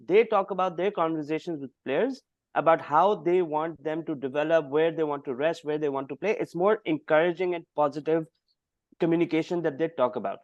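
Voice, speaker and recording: A man's voice: fairly high pitch, dry recording, muffled recording. A man giving blunt, indignant cricket commentary in a podcast discussion. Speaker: cricket pundit.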